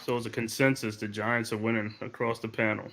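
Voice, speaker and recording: Guy hosting a football chat, low bright voice, laughs easy. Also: level tone, brisk, vocal fry. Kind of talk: casual sports chat.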